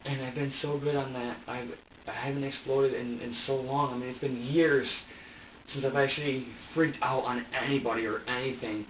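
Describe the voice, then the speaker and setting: Heard from a distance in a roomy police interview room, a young man being questioned confesses emotionally, his medium-pitched voice fairly even in intonation and at normal speed. He stammers, curses and keeps repeating himself in agitation, over a dull recording with a faint hiss.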